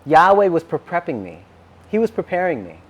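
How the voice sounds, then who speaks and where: A man delivers a sermon as a personal story, his fairly high voice swooping up and down. He is animated and acts out each line of dialogue. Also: a little fast. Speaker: minister.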